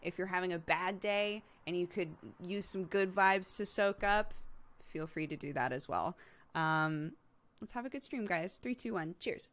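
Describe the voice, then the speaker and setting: A woman's voice: fairly low pitch, moderate pace, a bit bright. A woman in her thirties hosting a live stream, chatting casually with viewers and laughing often as she tells stories about her toddler. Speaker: streamer host.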